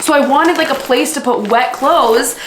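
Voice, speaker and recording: A woman's voice: high voice, moderate pace, roomy sound, a little hiss or hum. A young woman in her twenties chatting casually in a vlog, gushing and full of fillers as she unboxes things. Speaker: book vlogger.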